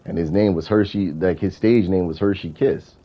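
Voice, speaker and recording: A man hosting a gaming video, telling stories in a casual, animated, profane way. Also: sits low, moderate pace, dull audio. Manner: animated, profane, chuckling storyteller. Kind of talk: casual storytelling during gameplay.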